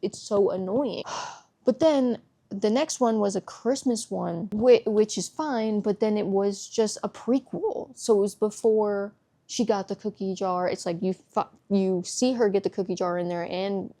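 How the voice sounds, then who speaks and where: Gravelly-voiced woman ranting about a book. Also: medium pitch, a little slow, mellow. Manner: exasperated, swears a lot. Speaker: book vlogger. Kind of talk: casual book review rant.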